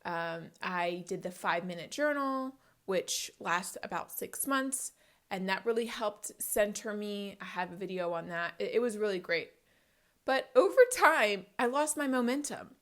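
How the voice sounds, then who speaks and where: A woman's voice: mid-range voice, lively intonation, a little slow, fairly bright tone. A woman in her thirties talking to camera at home in a chatty, upbeat, rambling way. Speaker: vlogger. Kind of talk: casual talk to camera.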